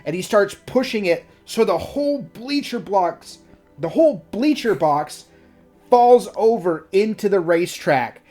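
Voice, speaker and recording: Casual gm narrating a tabletop game, lots of uhs, mid pitch, faint music in the back. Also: expressive, unhurried, a little mellow. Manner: casual, many fillers and restarts, laughs often. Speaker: game master.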